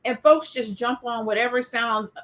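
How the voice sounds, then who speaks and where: A woman hosting a casual panel discussion, animated and expressive, acting out quoted exchanges as she talks. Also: fairly high pitch, moderate pace. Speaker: podcast host.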